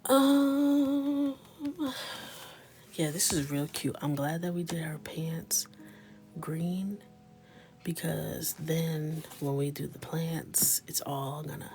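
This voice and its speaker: Woman in her thirties, low voice, whispered coloring chat, jokey, clear music behind. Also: animated, slow pace. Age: 30s. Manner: mostly whispered, joking, bursts into loud shouts. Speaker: coloring livestreamer. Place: small closet with a ring light.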